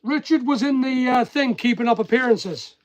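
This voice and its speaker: A man's voice: extremely high pitch, normal speed, slight background noise. A man with a mixed Northern Irish and English accent, chatting to viewers while packing orders, teasing and joking with his staff. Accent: Northern Irish-English mix. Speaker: online seller and channel host. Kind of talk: casual live-stream chat while packing. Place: packing workspace with staff nearby.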